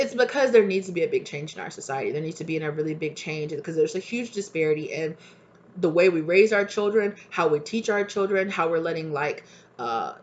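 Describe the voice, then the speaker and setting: Fired-up young woman ranting, lowish voice. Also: highs cut off. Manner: passionate, heated ranting with swearing. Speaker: tarot reader. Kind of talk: casual to-camera rant.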